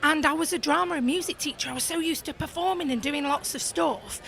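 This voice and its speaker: A woman's voice: high-pitched, a little fast, vocal fry, fairly bright tone. A Yorkshire woman guesting on a pub-themed podcast, chatting in a bubbly, storytelling way. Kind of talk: casual chat.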